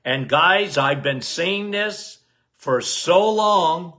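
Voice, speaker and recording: A loud, emphatic man hosts a casual health talk, his voice bright and forceful and pitched a bit high. He speaks slowly and drives his points home by repeating them. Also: lively intonation. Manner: loud, emphatic, cannot lower his volume; repeats key phrases, addresses listeners as guys. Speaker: health podcast host.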